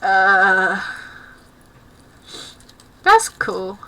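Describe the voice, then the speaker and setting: A woman's voice: mid-range voice, very animated, extremely slow, bright, forceful tone, poor audio. A young English woman streaming while she crafts, chatting casually and awkwardly, apologising often. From England. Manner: self-consciously awkward and apologetic. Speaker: cosplay streamer.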